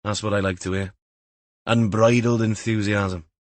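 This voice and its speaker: A man voicing a gruff, sardonic senior detective. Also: lowish voice, steady tone, normal speed, dry recording, lightly acted. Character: gruff, dry-witted senior Welsh detective.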